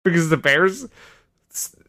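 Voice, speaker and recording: A man's voice: a little high, lively intonation, a little slow, bright, forceful tone. A man hosting a comedy podcast who explains the rules and often sounds exasperated while laughing along. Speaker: podcast host. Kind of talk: casual comedy chat.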